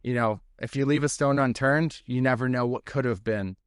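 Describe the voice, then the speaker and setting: A man from New Jersey, a tech leader talking as a guest in casual chat from his home office, relaxed with many fillers. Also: medium pitch, moderate pace, clear, resonant tone, no echo, studio quality. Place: home office on a video call.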